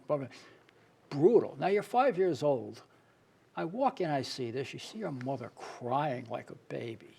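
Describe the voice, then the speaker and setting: Interview guest, male, gravelly and husky, earnest candid storyteller. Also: mid-range voice, very animated, normal speed, warm tone. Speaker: interview guest, playwright and author.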